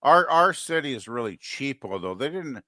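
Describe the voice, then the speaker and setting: A Canadian man in his sixties co-hosting a casual livestream chat, talking in animated rants and stumbling over restarts. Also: medium pitch, moderate pace, crowd noise. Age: 60s. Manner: animated, repeats and restarts words, exasperated rants. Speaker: livestream co-host.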